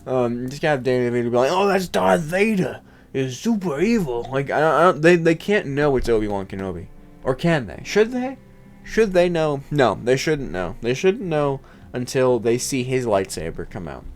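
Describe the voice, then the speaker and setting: Speaking at a normal speed, a man with a mid-range voice and big swings in pitch hosts a casual chat. His talk rambles, full of filler words and jokes.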